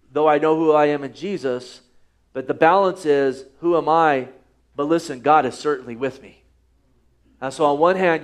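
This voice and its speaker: A man preaching a sermon to his congregation, emphatic and repeating rhetorical questions. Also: fairly high pitch. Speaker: pastor.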